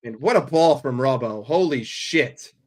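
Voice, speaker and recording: Profane, excitable man calling a match live. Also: medium pitch, a little slow. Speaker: streamer hosting a football watchalong. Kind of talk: live play-by-play commentary for a chat.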